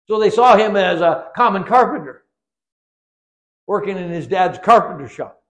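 A man's voice: high voice, animated, measured pace. An older man preaching a sermon in a church, emphatic and repetitive, weaving in his own life story. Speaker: guest preacher.

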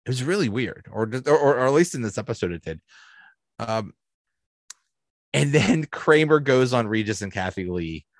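A man's voice: on the low side, no echo. A man hosting a podcast, recapping a favorite episode enthusiastically and rambling with restarts. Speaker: podcast host. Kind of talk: casual episode review.

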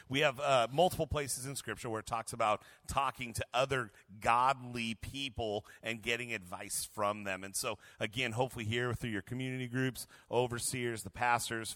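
A man's voice: mid-range voice, pushed and bright, no echo. A male pastor co-teaching a Bible passage, earnest and conversational, applying it to everyday life. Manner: earnest, applying the text to listeners' lives.

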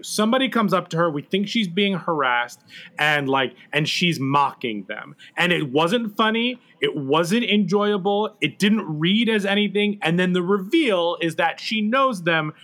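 A man's voice: sits high, animated, measured pace, a bit bright. A man on a podcast panel in casual chat, blunt and critical in his opinions.

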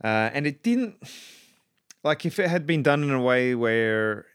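Chatty Australian man, smooth dry voice. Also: medium pitch, expressive, a little slow, dry recording. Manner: rambling, enthusiastic, many ums and restarts. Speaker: pop culture commentator. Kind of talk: casual monologue review.

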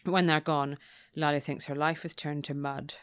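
A woman's voice: low voice, steady tone, normal speed, clear, resonant tone, no room sound. A woman co-hosting a casual podcast, retelling a book's plot and laughing often. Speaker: podcast co-host. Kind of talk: casual chat recapping a book.

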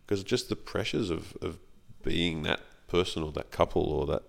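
Low, gravelly Australian man rambling. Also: normal speed. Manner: rambling, self-deprecating, acts out quoted voices. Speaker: actor guest. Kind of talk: casual podcast chat.

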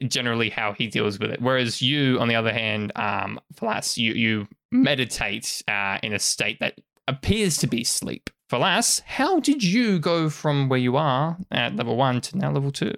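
A man's voice: medium pitch, lively intonation, moderate pace, vocal fry, few pauses, a bit bright, no room sound. Guy running a d&d game, chill rambly explaining, dry close sound. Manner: casual, explanatory, frequent fillers. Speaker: game master. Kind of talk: narrating a tabletop game.

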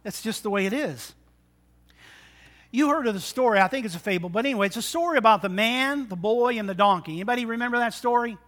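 A preacher giving a conversational sermon in church, often asking the congregation questions. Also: male voice, high-pitched, fast, a bit bright.

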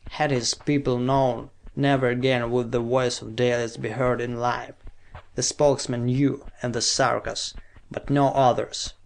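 A man reading a science fiction audiobook in measured, steady scripted narration. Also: mid-range voice, vocal fry.

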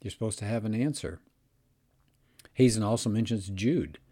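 A man's voice: fairly low pitch, moderate pace, mellow, breathy edge, no echo. A man hosting a casual talk about an apologetics book, speaking conversationally with frequent fillers. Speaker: host reviewing an apologetics book.

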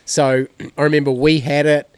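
A man's voice: on the high side, level tone, normal speed, smooth, dry recording. A man hosting a podcast, chatting and telling stories bluntly with plenty of swearing. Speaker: podcast host. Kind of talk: casual chat.

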